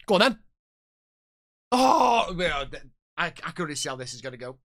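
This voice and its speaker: A chatty man in his thirties streams a football management game and jumps between joking with his viewers and yelling at the match. His voice sits on the higher side and rises and falls freely. The sound is dry, with no room around it. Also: very animated, a little fast, long pauses, no echo. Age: 30s. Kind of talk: live gameplay commentary and chat.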